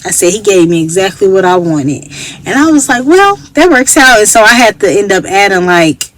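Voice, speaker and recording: A woman's voice: medium pitch, brisk, low-quality recording. A woman from Chicago with a Chicago accent, telling a personal story in a casual, chatty way and acting out what others said. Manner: chatty, acts out quoted voices. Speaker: vlogger.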